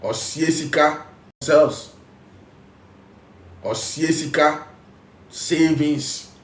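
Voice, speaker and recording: A man's voice: fairly high pitch, extremely slow, distant mic. Emphatic Ghanaian man preaching in an echoey room. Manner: emphatic, repetitive, mixes English with local phrases. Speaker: spiritual teacher. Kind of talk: preaching talk.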